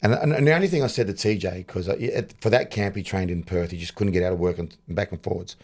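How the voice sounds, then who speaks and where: A middle-aged Australian boxing coach chats casually in an interview, talking fast in a low, slightly mellow voice while rambling and restarting his sentences.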